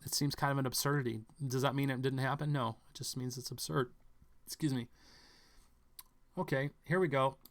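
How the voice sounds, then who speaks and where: A man giving a halting, speculative commentary on news stories, thinking aloud with many fillers and restarts. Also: medium pitch.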